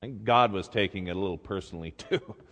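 A man's voice: low-pitched, fast talker, a bit bright, big-room sound. A man, a pastor, preaching a sermon who reads scripture and then retells it in a casual, joking way.

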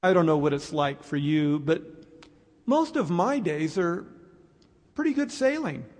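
A man preaching a sermon, slow and reflective, with dramatic pauses. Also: fairly high pitch, very animated, a little mellow. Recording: long hall reverb.

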